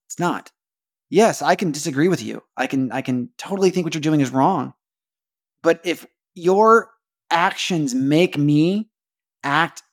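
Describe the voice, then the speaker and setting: A man hosting a casual devotional podcast, talking earnestly, repeating phrases and asking rhetorical questions. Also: fairly high pitch. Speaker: podcast host.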